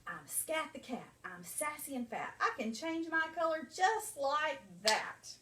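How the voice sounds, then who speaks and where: A woman's voice: high-pitched, very animated, measured pace, noisy background, voice pushed up. A woman voicing a sassy, boastful male cat in a storybook, chanting in a sing-song way. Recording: echoey room, mic far off.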